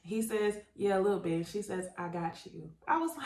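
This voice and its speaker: A woman's voice: medium pitch, moderate pace, roomy sound, noisy background. A woman giving a casual, chatty recap of a reality TV episode, talking straight to her viewers. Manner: chatty, animated, addresses viewers as y'all. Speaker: YouTube reality TV reviewer. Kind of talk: casual recap commentary to camera.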